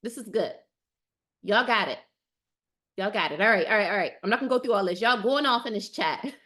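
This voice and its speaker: A woman's voice: mid-range voice, fairly quick, sharp tone. A woman dating coach hosting a casual live stream. She reads out viewer comments and answers them with emphatic enthusiasm, repeating phrases for emphasis.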